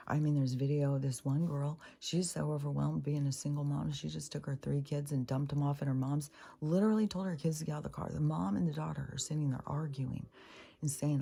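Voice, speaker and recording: A middle-aged woman speaks in a rambling, exasperated monologue, swearing freely as she goes. Her voice sits very low, with a gravelly fry, a dark tone and a husky edge. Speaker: spiritual vlogger. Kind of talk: casual monologue.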